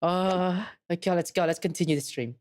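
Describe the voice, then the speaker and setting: A woman VTuber streaming a video game, reading dialogue aloud and reacting loudly with casual swearing. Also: lowish voice, normal speed. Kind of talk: casual let's-play reading and commentary. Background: game background music.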